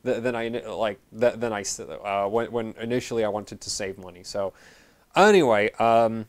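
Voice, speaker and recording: A man's voice: on the low side, normal speed. A man hosting his channel, explaining a repair in a casual, rambling way, correcting himself often and dropping dry sarcastic asides. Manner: rambling, self-correcting, many fillers. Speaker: channel host.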